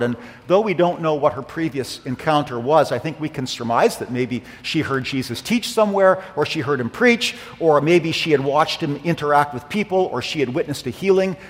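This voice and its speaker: Man preaching in a reverberant church. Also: on the high side. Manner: earnest preaching, rising and swelling on key phrases. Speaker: pastor. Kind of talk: sermon. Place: church sanctuary. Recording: long hall reverb.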